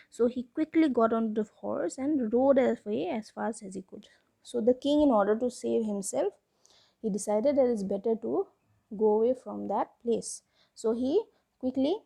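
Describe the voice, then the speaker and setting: A woman's voice: a little high, vocal fry, warm tone, dry recording. A woman teacher retelling a story for a class and explaining it, often repeating herself and asking rhetorical questions. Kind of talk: storytelling lesson for schoolchildren.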